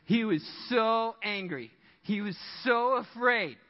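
A male pastor delivering a sermon with animated storytelling and frequent laughter. His fairly high voice swings widely in pitch. The recording is dull and rings with long church reverb. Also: takes it slowly. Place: church sanctuary.

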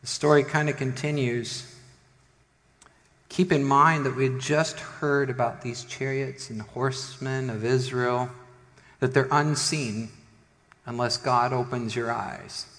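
Pastor guy preaching slow, does little voices for the story people, echo from a big church hall. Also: medium pitch. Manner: animated retelling, acting out the characters. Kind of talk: sermon storytelling. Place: church sanctuary. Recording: long hall reverb.

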